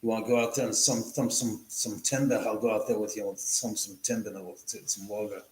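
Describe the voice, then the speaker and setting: A man doing a rough-and-ready Scottish lad who is keen on a night of lager. He speaks with a hearty put-on Scottish accent. The voice rings in an echoey room. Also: lowish voice, little pitch movement, brisk, a little hiss or hum, natural voice. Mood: boisterous. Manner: boisterous, coarse, inviting. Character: rowdy Scottish male drinking buddy.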